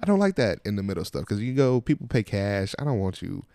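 A man's voice: on the low side, big pitch swings, quick pace, warm tone, clear, resonant tone, dry recording. A young man hosting a podcast, chatting casually and telling profane stories, acting out what customers said. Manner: laid-back, profane storytelling with acted-out quotes. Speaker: podcast host. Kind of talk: casual chat.

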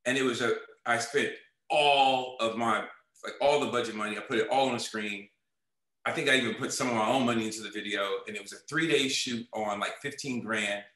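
A man's voice: mid-range voice, fairly even intonation, brisk, bright, forceful tone, echoey room, rough recording. A man in an interview, telling his story casually and animatedly, acting out quoted dialogue and often saying "man.". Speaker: music video director, guest.

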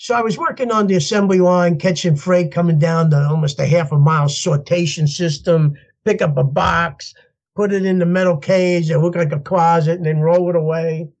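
An older man, a podcast guest telling his story in an animated way and laughing as he goes. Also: on the high side, normal speed, highs cut off. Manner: animated, laughs as he tells stories, acts out voices in quotes. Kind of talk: storytelling interview.

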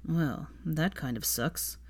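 A woman reader voicing an injured young man who speaks low, slowly and tenderly, with dry humor. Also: husky, full character voice. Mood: weary. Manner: low, slow, murmured.

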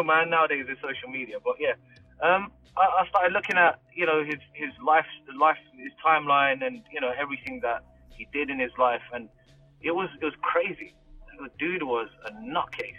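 A man's voice: a little high, dull audio. A man from the UK, a rapper guest, chatting casually and laughing easily. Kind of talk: casual interview chat.

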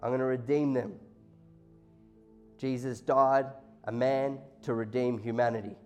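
Impassioned man preaching over soft music. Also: mid-range voice, fairly even intonation, unhurried. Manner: impassioned, voicing God and listeners in quotes. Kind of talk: sermon. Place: church hall before a congregation. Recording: faint music behind.

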